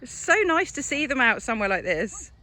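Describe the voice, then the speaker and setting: A woman, working as a dog trainer, chatting casually to camera on a walk and praising the dogs in bright sing-song bursts. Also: high-pitched, big pitch swings, fairly quick. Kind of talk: casual vlog chat while training dogs outdoors. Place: outdoors on a walk.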